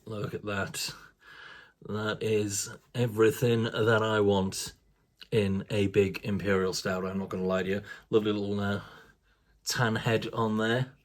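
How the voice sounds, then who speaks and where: A man's voice: lowish voice, level tone, a little slow. A man casually reviewing a craft beer, chatty and rambling, with casual swearing.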